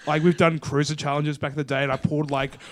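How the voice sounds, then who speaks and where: A man's voice: a little high, little pitch movement, fast, dry recording. A young man on a casual podcast, telling enthusiastic, chatty anecdotes. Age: young adult. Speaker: podcast guest.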